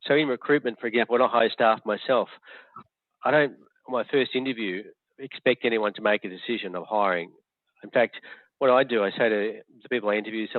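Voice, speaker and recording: A man's voice: fairly low pitch, a little fast, dry recording. Man leading an online workshop. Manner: chatty and hesitant, many fillers and restarts. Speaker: workshop facilitator. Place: home or office on a video call. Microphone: video call. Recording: tinny phone-like online call audio.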